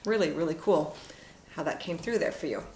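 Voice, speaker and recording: A woman giving a casual, reflective spoken tarot reading with frequent fillers and soft asides. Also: low-pitched, brisk. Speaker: tarot card reader. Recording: echoey room with faint noise.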